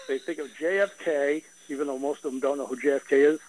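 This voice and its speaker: A man's voice: on the high side, steady tone, fast, a little mellow, rough recording. A man who is a comedian, talking as a guest on a radio show in a wry, joking way.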